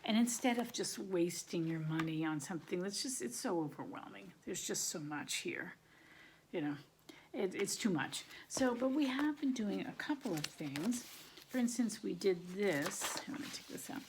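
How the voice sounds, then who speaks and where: An older woman chatting casually from home about her child's learning, rambling and drifting into soft, half-whispered asides as she shows materials. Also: medium pitch, lively intonation, moderate pace, slight background noise. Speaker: homeschooling parent and channel host. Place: at home, showing materials to camera.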